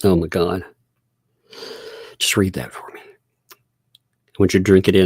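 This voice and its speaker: A man's voice: sits low, little pitch movement, normal speed, darkish tone, breathy edge, no room sound, studio quality. A man hosting a casual commentary video, laughing often in a mocking, amused way and repeating and restarting words.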